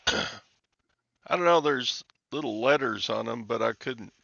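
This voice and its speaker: Gravelly bright-toned man chatting. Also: medium pitch, unhurried, slight background noise. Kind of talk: casual chat. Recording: dull lo-fi recording.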